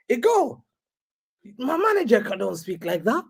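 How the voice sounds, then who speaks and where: A young man co-hosting a football podcast, chatting in casual banter, excitable and teasing, laughing often. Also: high voice, normal speed, pauses often, breathy edge.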